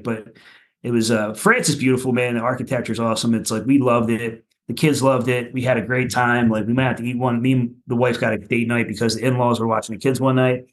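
A man from Philadelphia chats as a podcast guest in a loose, profane way. He pads his talk with "like" and "you know", and his voice climbs higher when a story gets funny. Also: quick pace. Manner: animated, goes higher when telling funny bits. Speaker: punk rock musician guest.

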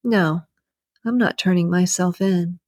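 A cornered, remorseful female assassin, read by a woman narrator in an audiobook, defensive and ashamed. The voice sits low and sounds dry and close to the mic. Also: unhurried, darkish tone, breathy edge, no room sound. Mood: firm.

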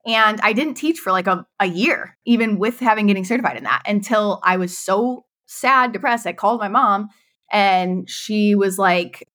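A woman's voice: medium pitch, animated, moderate pace, a bit bright. A woman in her thirties, a guest on a podcast, talking candidly about her business and laughing often. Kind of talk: casual interview chat.

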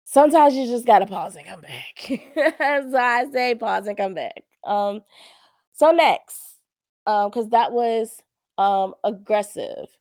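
A woman's voice: fairly high pitch, a little mellow, no room sound, studio quality. A woman, hosting a casual solo talk, candid and slangy with lots of fillers. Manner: chatty and candid, slangy, many fillers and laughs. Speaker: podcast host.

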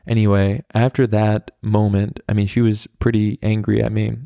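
A low, gravelly American man spins a rambling personal story, leaning on fillers and the odd curse. His tone is dark and mellow, and the recording is close and dry with no room around it. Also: flat delivery, moderate pace, no room sound. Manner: rambling, frequent "like" fillers, candid and profane. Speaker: podcast host. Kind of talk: casual storytelling monologue.

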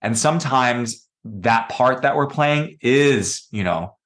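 A man's voice: mid-range voice, lively intonation, slow, fairly bright tone. A man speaking as a podcast guest, telling personal stories in a reflective, conversational way and acting out the voices he quotes. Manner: thoughtful, acts out quoted voices.

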